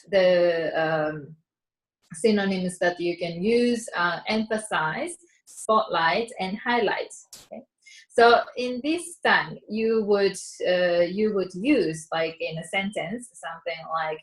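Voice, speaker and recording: A woman teaching English vocabulary in an online seminar, explaining slowly and patiently with frequent fillers and restarts; her first language is Japanese. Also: mid-range voice, low-quality recording. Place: online session.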